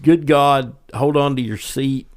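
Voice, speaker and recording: A man's voice: mid-range voice, fairly even intonation, unhurried, soft background music. A man co-hosting a podcast in casual chat, laid-back and trailing off mid-thought. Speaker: podcast co-host.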